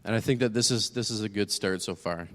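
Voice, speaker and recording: A young man giving a personal testimony as a church speaker, moving between hushed and emphatic storytelling. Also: on the low side, quick pace. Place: church sanctuary. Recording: long hall reverb.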